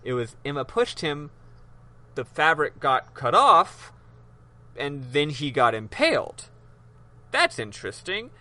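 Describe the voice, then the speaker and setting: A man's voice: a little high, big pitch swings, takes it slowly, bright, forceful tone. A man hosting a podcast, casually retelling a game's story in loose, profane chat with lots of ums. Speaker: podcast host. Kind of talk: casual game recap chat.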